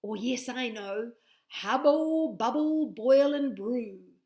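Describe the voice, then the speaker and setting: Woman doing an excitable little girl witch, Betty. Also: slow pace. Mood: excited. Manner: squeaky, exclaiming.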